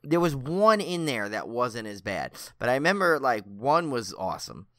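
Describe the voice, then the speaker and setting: A man's voice: mid-range voice, sing-song, normal speed, fairly bright tone, dry recording, clean studio sound. A man co-hosting a podcast, chatting casually in a rambling way full of likes and restarts. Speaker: podcast co-host. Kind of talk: casual chat.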